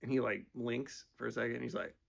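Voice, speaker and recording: A man's voice: mid-range voice, fairly even intonation, a little fast, vocal fry, slightly rough. A man telling casual, profane, rambling stories, full of fillers. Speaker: storyteller. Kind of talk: casual storytelling.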